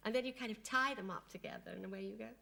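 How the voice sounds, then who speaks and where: A woman guest on a TV chat show, telling animated anecdotes and laughing often. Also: medium pitch, rapid-fire, vocal fry, background noise. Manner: giggly, animated storytelling with frequent laughs. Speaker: guest impressionist. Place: TV studio.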